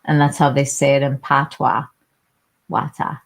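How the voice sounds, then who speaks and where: Gravelly and rumbling low, this woman's voice barely moves in pitch as she speaks at normal speed. She runs a relaxed beauty livestream, answering viewers by name from the comments, often restarting and using fillers.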